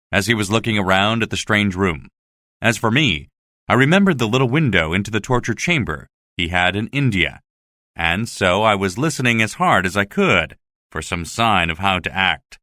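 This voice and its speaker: A man reading a classic story aloud as scripted narration, in a dramatic, expressive way. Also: fairly low pitch, moderate pace, no echo, studio quality. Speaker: audiobook reader. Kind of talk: scripted narration of a graded reader.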